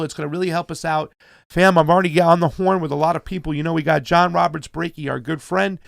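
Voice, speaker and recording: Man, livestream host, fairly high voice, dry close sound, hyped and chatty. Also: creaky, fairly bright tone, no echo. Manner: hyped, reads donor names, calls viewers fam. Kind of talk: casual livestream chat.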